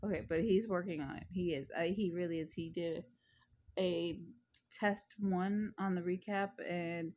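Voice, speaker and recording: A woman's voice: on the low side, fairly even intonation, unhurried, darkish tone, muffled recording. A woman vlogger telling a funny story in casual chat at home, chatty and prone to giggling.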